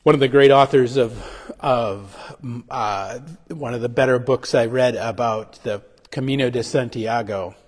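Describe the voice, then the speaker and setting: A male pastor delivers a short midday reflection in an unpolished, halting way, circling back and restarting his phrases. His voice sits at an ordinary middle pitch. The sound trails off in a long reverb, as if streamed from a church sanctuary. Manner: halting, full of restarts and fillers. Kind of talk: sermon reflection. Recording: livestream with long hall reverb.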